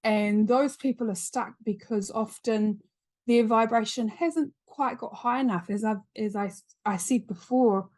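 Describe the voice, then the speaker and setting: A woman's voice: fairly high pitch, measured pace, a little mellow. A middle-aged woman with a New Zealand accent, a podcast guest telling a story in earnest, repeating phrases for emphasis. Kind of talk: storytelling in an interview.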